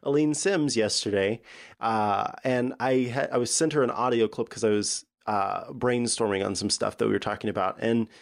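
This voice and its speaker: A man's voice: fairly low pitch, normal speed, gravelly. A man co-hosting a podcast in casual chat, playful and giggly, slipping into joking voices. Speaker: podcast co-host.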